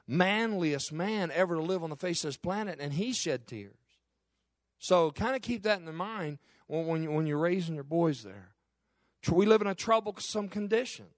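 A man's voice: a little high, dry recording, clean studio sound. A middle-aged man, a pastor preaching a sermon with impassioned, repetitive phrasing.

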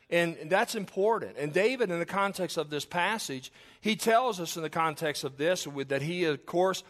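A man's voice: fairly high pitch, a bit bright. A man preaching a funeral sermon, reading scripture aloud with earnest emphasis. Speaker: pastor.

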